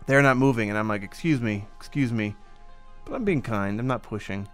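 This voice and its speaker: A man's voice: lowish voice, brisk, faint music behind. A man hosting a casual podcast chat, telling a long story and acting out the other people's voices. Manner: animated, acts out voices in his stories. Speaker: podcast host.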